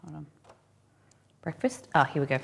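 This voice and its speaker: A woman with a slightly low voice runs a relaxed live cooking demonstration from her kitchen. She chats freely, thinks out loud and drifts into asides mid-sentence. A faint noise sits under the recording. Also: moderate pace, gravelly. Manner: chatty, thinks aloud, rambling asides. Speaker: cooking stream host.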